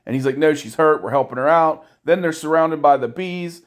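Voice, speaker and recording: A man giving a casual, irreverent episode recap, with crude jokes and quick voiced asides for the characters. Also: a little high. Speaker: anime reviewer.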